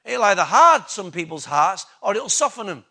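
Bright high-voiced male preacher. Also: sing-song, moderate pace, creaky, husky. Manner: emphatic, rhetorical questions to the congregation. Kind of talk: sermon.

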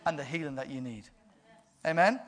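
A man preaching a sermon in a playful way, often laughing and building to loud bursts. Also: on the high side, brisk.

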